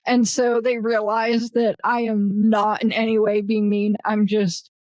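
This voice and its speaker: A woman's voice: medium pitch, little pitch movement, unhurried, darkish tone, no echo, rough recording. A woman guest in an interview, talking bluntly and casually, with lots of restarts and fillers and frequent laughter. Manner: blunt, self-deprecating, laughs often. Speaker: guest, virtual assistant.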